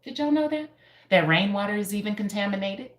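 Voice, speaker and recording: A hairstylist from Denver chatting playfully on a live stream, laughing often and answering viewers' comments. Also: female voice, medium pitch, lively intonation, a little fast. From Denver, Colorado. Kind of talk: casual live-stream chat. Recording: echoey room.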